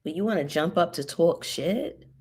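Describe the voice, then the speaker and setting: A woman hosting her channel's casual commentary livestream has had some bubbly and is tipsy, swearing heavily with blunt, heated delivery. Her voice is fairly low, a little mellow and slightly rough, at a moderate pace.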